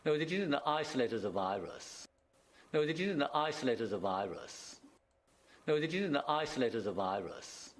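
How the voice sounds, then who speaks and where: A man interviewed in a news clip, speaking in flat, measured statements. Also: medium pitch. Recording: played news clip, faint noise.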